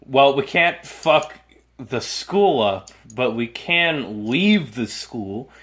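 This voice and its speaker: A man's voice: mid-range voice, animated, slow pace, crowd noise. A young man in casual chat who chimes in with profane jokes as co-host. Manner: joking, interjecting, profane.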